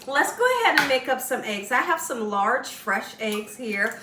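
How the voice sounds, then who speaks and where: Bright, chatty woman cooking at home. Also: on the high side, normal speed, roomy sound, a little hiss or hum. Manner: chatty and excitable, laughs while telling stories. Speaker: cooking channel host. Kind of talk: casual cooking demonstration. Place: home kitchen.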